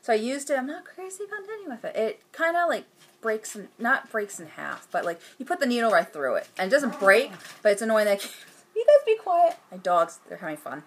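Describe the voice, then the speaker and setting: A woman's voice: a little high, big pitch swings, a little fast, slightly rough. Chatty woman hosting a knitting vlog. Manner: chatty and rambling, with many fillers and restarts. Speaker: knitting podcast host. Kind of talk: casual chat to camera. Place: at home, indoors.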